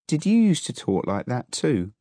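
A man's voice: medium pitch, wildly swooping pitch, moderate pace, dark tone, dry recording, studio quality, pitched above the performer's own voice. A man doing a giggly young wife. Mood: amused. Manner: amused, teasing. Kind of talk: audiobook character voice.

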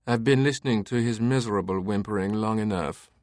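Audiobook thug: a male narrator playing a coarse, barking henchman. Deep and dry. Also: brisk, darkish tone, dry recording, close to an everyday voice. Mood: scornful. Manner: barking, scornful. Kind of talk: audiobook character voice.

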